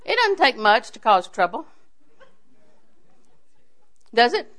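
A woman delivering a sermon with a somewhat high voice. She moves between teaching and homely stories, asking her listeners questions as she goes and laughing readily. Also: big pitch swings, takes it slowly, a bit bright. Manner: chatty storytelling, asks the audience questions, often laughs. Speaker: preacher. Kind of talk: sermon with humorous anecdotes.

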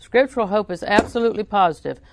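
A woman's voice: medium pitch, fast, noisy background. A woman preaching a sermon, telling folksy stories with frequent laughs and repeating scripture lines for emphasis.

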